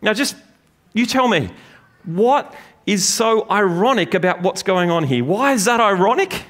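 A man preaching a sermon in a church, lively and joking with the congregation. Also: high-pitched, measured pace. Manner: lively, animated preaching with jokes. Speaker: pastor. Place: church gathering room.

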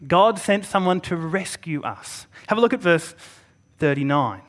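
A man preaching a Good Friday sermon in an earnest manner, pausing for emphasis and sometimes restarting a phrase. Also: sits high, expressive, fairly bright tone.

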